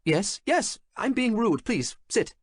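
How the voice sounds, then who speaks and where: A man's voice: sits high, expressive, slow pace, husky, dry recording, clean studio sound, pitched above the performer's own voice, full character voice. A male narrator voicing an awkward, bashful young man who stammers eagerly in an audiobook. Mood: flustered eager. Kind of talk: audiobook character voice.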